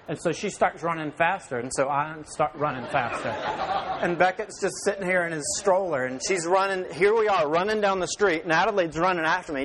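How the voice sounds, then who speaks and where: A man's voice: high-pitched, a little fast. A man in his thirties, a father telling a humorous personal story to an audience, poking fun at himself and acting out the dialogue. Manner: self-mocking, acts out dialogue in lively voices.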